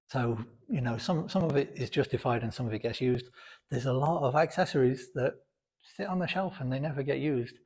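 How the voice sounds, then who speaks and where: A man's voice: mid-range voice, darkish tone, husky. A British man with a sore throat, talking bluntly and chattily to camera from his home gym. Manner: blunt, outspoken, chatty with many fillers. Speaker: fitness vlogger. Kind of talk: casual talk to camera.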